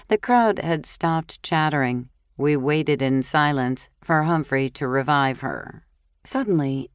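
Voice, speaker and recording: A woman reads a cozy mystery audiobook at an unhurried pace. Her voice sits low and her delivery is measured and even. The recording is dry and close. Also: clean tone, dry recording. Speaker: audiobook narrator. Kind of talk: scripted narration.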